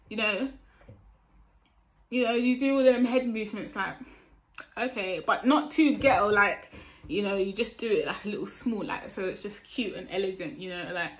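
A woman's voice: mid-range voice, moderate pace, low-quality recording. Young woman, East London accent, casual dating-advice vlog, slangy, acts out conversations. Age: young adult. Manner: animated, acts out both sides of chat-up lines; street slang, tag questions like "you get me?". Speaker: vlogger giving dating advice.

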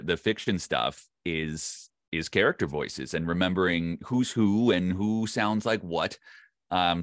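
A man's voice: low voice, a bit bright, no room sound, studio quality. A middle-aged man from Canada with a neutral North American accent, a voice actor chatting casually as an interview guest, rambling easily with many fillers.

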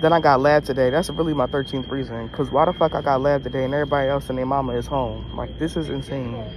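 A woman's voice: rumbling low, fairly even intonation, fast. A young woman, a college student, vlogging on her phone with a blunt, profane, exasperated rant. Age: young adult. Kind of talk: casual vlog rant. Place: around campus, partly outdoors. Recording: noisy with passing traffic.

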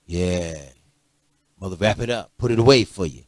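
A man preaching a sermon, animated and blunt, swinging from low murmurs to loud rebukes. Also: moderate pace, no room sound. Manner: blunt, confrontational street-style preaching.

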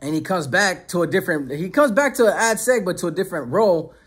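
A husky man with a slightly raised voice tells a gritty story in a casual, streetwise way. His talk is loose and full of slang, and he drops into quoted voices as he goes. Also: high-pitched, lively intonation, fast talker, a bit bright. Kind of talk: casual prison story narration.

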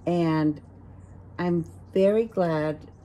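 Older lady chatting slow and gentle, telling a funny story. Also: fairly low pitch, a little hiss or hum, poor audio. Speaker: guest, the host's mother. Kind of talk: casual family conversation.

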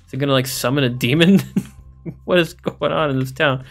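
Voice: mid-range voice, moderate pace, soft background music. A game streamer making casual, jokey, rambling commentary while playing. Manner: jokey, rambling, laughs often.

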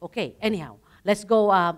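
A woman's voice: medium pitch, fairly quick. A woman leading a Bible study talk, telling personal stories earnestly and laughing now and then.

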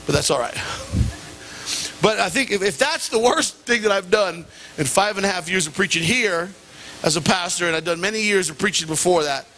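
A middle-aged male pastor preaching a sermon and telling animated, self-deprecating stories with sudden jumps in pitch. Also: a little fast. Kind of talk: sermon with personal anecdote. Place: church sanctuary.

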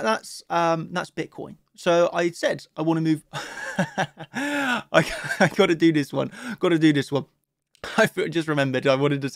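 A man's voice: on the high side, creaky, no room sound, clean studio sound. A man hosting a casual trading analysis talk, chatty and upbeat, with many "you know" fillers. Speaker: crypto trading analyst host.

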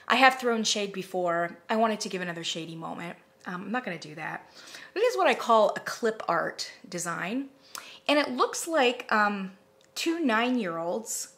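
A woman chatting casually to camera as she reviews candles, animated, now and then dropping to a whisper. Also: mid-range voice. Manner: chatty, animated, swearing, drops into whispers and mock voices.

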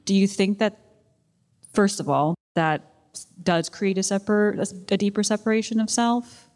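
A woman's voice: medium pitch, unhurried, darkish tone. A woman in the audience asking a question at a live event, thinking aloud and rambling with many likes. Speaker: audience member. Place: event hall. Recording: long hall reverb at a live event.

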